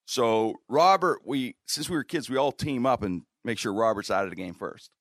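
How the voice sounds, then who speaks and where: A man's voice: mid-range voice, moderate pace, dry recording, clean studio sound. A middle-aged man telling a long anecdote in a casual podcast chat, acting out the quotes and laughing as he goes. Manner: animated storyteller, acts out quotes, laughs often. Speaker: guest storyteller.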